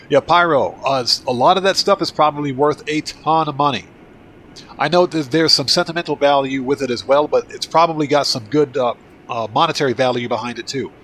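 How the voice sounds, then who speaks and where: A man's voice: medium pitch, fairly quick, a bit bright, slight background noise. A man from Baltimore with a Northeastern American accent, casually chatting with viewers while hosting a gaming livestream. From Baltimore, Maryland, USA. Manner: chatty, answers viewers' chat with frequent restarts.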